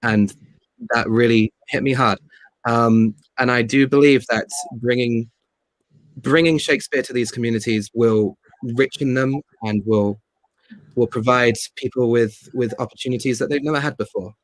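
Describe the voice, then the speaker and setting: A man's voice: mid-range voice, steady tone, moderate pace, no room sound, rough recording. A man on a video call speaking sincerely and earnestly as an interview guest. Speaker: guest actor.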